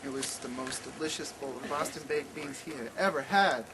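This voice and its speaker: A man telling a comic story at a campfire, animated with many stammering restarts. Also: mid-range voice, fairly quick. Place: outdoor campfire at night. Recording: noisy outdoor camp recording.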